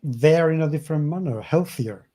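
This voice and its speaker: A man's voice: a little high, moderate pace, warm tone. A man hosting an interview, answering his guest with sympathy and support and often repeating words as he begins. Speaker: host. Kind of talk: casual conversation.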